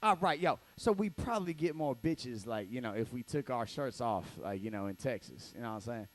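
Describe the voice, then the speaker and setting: A man's voice: medium pitch, lively intonation, fairly quick, voice pushed down, natural voice. A man putting on a lazy, bragging dude. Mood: boastful. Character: swaggering young man bragging lazily.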